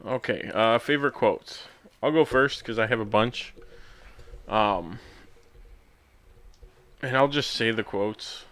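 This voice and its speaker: A man's voice: on the low side, slow, pauses often, a bit bright. Chatty man co-hosting a movie podcast. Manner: chatty, reads out quotes, frequent fillers and laughs. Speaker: podcast co-host. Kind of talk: casual movie review chat.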